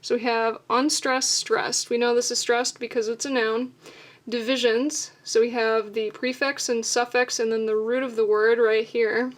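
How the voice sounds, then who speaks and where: A woman's voice: a little high, little pitch movement, normal speed, hardly any pauses. A young adult woman teaching poetry writing in an instructional video, explaining methodically step by step with the odd filler.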